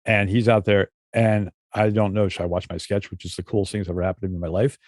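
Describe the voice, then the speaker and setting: A man's voice: lowish voice, fast talker, no echo, clean studio sound. A middle-aged man, a comedy writer, telling stories in a casual podcast chat, acting out quotes along the way. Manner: animated storyteller who acts out quotes.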